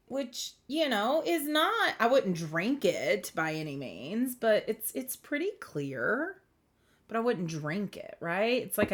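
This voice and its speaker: A woman talks through a spiritual reading straight to a close camera, wandering from thought to thought and breaking into giggles. Her pitch rises and dips expressively while her pace stays slow and unhurried. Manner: rambling, giggly, self-interrupting. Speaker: spiritual reader. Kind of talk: casual intuitive reading to camera. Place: indoors under bright light. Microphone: camera close to the face.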